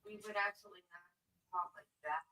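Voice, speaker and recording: Female co-host with a bright, tense voice, dry and curt, heard off mic in a roomy space. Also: on the low side, fairly quick, recorded from a distance. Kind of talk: casual chat. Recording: echoey room, off mic.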